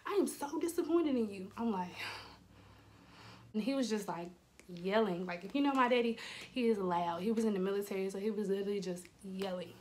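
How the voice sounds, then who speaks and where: A young adult woman telling a storytime vlog story and acting out the quotes in an animated way. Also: mid-range voice, quick pace, a little hiss or hum. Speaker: vlogger.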